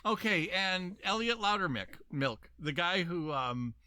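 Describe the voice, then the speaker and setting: A man's voice: sits high, measured pace, clear, resonant tone, no room sound, studio quality. A man co-hosting a movie podcast, chatting casually and rambling with lots of fillers. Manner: rambling, animated, many fillers. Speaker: podcast co-host.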